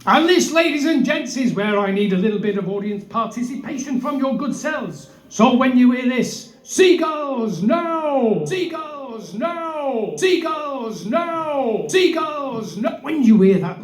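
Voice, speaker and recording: A man's voice: very high voice, lively intonation, unhurried. A man performing live comedy, telling a tall tale on stage and calling out to the crowd theatrically. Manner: theatrical, bellowing asides and crowd address. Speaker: comic singer and storyteller on stage. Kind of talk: live comedy storytelling with audience participation. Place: live gig in an indoor brewery venue. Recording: roomy live venue sound.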